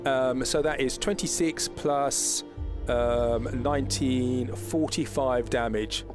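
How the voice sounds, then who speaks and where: Hesitant male game master narrating the action over background music. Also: mid-range voice. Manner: halting, many ums, slow deliberate narration.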